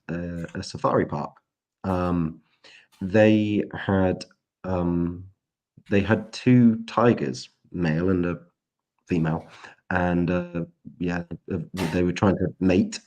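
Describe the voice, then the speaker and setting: A man with a very low voice, chatting on a podcast. He tells his story hesitantly, stopping often for ums and restarts. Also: darkish tone. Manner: rambling, hesitant with many ums. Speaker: podcast co-host. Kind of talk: casual chat.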